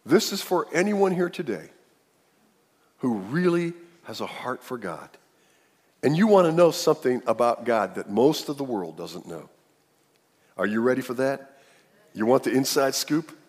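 A man's voice: mid-range voice, animated, measured pace, pauses often, darkish tone, slightly rough. A man preaching a sermon to a congregation, acting out the people in the story as he tells it. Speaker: pastor. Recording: long hall reverb.

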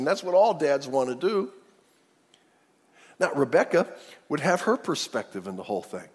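Animated male preacher in a reverberant hall. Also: high voice, moderate pace, pauses often, breathy edge. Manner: animated, acting out the characters. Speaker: pastor. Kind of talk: sermon storytelling.

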